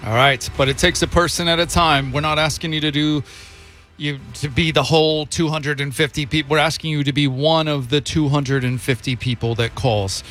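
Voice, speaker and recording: A male radio host chats through a pledge drive, wandering and fixing his own phrases mid-sentence. His voice sits a little higher than most men's, and soft music plays faintly behind him. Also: fairly even intonation, normal speed. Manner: rambling, loose, self-correcting. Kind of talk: casual on-air fundraising chat.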